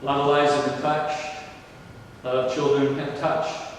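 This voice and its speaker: A man's voice: medium pitch, flat delivery, a little hiss or hum. Older man preaching in an echoey hall. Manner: slow, emphatic preaching with rising exclamations. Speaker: pastor. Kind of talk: sermon. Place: large church or banquet hall. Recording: distant, echoey hall recording.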